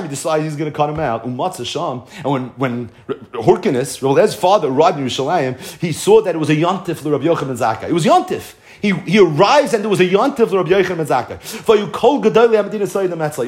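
A man's voice: on the high side, fast. A man giving a Talmud class, telling stories with animation, acting out the dialogue, often repeating and restarting phrases. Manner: animated storytelling, acts out dialogue. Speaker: Torah teacher.

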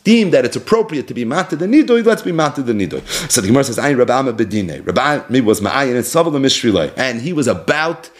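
Man teaching Talmud, lively and conversational. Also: mid-range voice, fast, few pauses. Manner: lively, conversational, chants Aramaic then paraphrases. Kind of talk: Talmud class, translating and explaining.

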